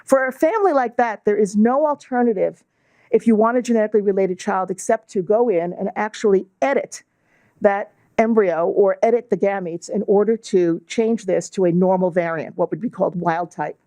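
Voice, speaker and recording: A middle-aged woman with a New York accent giving a measured, explanatory lecture as a guest speaker, using fillers now and then. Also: mid-range voice, warm tone, no room sound. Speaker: guest speaker, law and bioethics professor. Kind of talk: lecture to a club audience.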